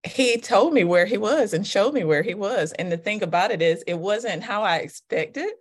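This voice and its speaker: A woman with children, a guest author, talking thoughtfully and softly about grief and faith. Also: medium pitch, lively intonation, moderate pace. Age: adult with children. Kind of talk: reflective faith conversation.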